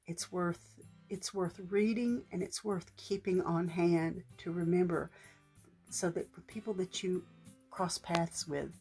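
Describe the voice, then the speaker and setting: Emotional woman with a husky, shaky voice. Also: lowish voice. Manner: gentle and earnest, with faith talk and small restarts. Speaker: vlogger. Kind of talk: heartfelt personal vlog talk.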